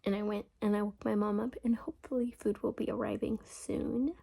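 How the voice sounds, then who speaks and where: A woman's voice: medium pitch, steady tone, brisk, gravelly, dark tone, slightly rough. A teenage girl talking in a rambling, chatty way in a casual diary vlog, often half-whispering into her phone in her bedroom. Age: teens. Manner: rambling, chatty, full of "like" fillers. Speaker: vlogger.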